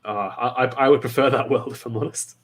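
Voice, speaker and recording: A man's voice: mid-range voice, steady tone, brisk. A man speaking as a guest on a casual political podcast, hesitant and thoughtful, often restarting his sentences.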